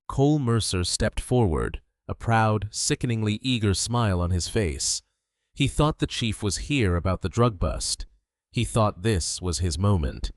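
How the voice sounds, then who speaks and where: A man reading a dramatic story as a narrator, in a measured storytelling manner. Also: fairly low pitch, animated, dry recording, clean studio sound.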